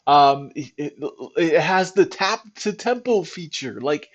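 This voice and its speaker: Excited rambling man testing his app. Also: a little high, measured pace. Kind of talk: casual screen-recording commentary.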